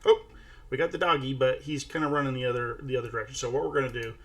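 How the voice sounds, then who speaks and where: A man's voice: medium pitch, fairly even intonation, rapid-fire. A man hosting a casual screen-share tutorial, chatting his way through each step and talking to a toddler at his side. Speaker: AI art tutorial host.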